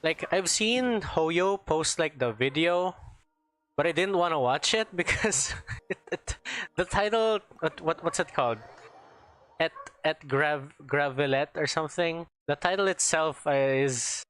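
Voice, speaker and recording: A man's voice: fairly high pitch, unhurried, fairly bright tone, smooth. A man streaming a game, chatting casually and rambling as he searches for words. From Philippines. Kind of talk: casual gameplay chat.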